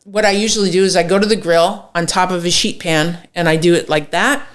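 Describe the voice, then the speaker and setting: A woman's voice: fairly low pitch, fairly even intonation, brisk. A woman chef telling a story as a podcast guest, swearing freely and acting out what people said. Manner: swears freely, acts out quoted dialogue. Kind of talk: animated storytelling in casual chat.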